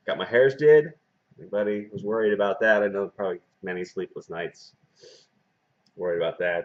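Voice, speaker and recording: A man in his forties with a very deep voice chats loosely to his camera, drifting through fillers and restarts in a flat, self-described monotone. The audio comes off dull and lo-fi, as if picked up by the camera's own mic. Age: 40s. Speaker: wrestling blogger and video host. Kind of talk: casual video blog chat.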